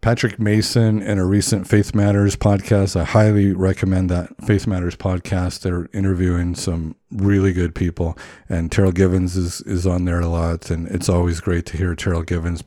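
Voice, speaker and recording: A man's voice: deep voice, level tone, moderate pace, mellow, no room sound, clean studio sound. A man speaking in an earnest, encouraging way about faith, like a reflective podcast talk.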